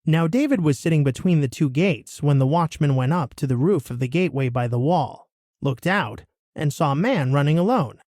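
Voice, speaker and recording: A man reading a Bible passage aloud in a steady, expressive way. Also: a little high, normal speed, no echo, clean studio sound. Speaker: scripture reader.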